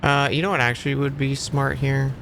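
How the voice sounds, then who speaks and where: A man's voice: mid-range voice, level tone, fairly quick, vocal fry, fairly bright tone, a little hiss or hum. A man streaming a factory game, chatting casually with his viewers and swearing offhandedly. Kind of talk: casual gaming commentary.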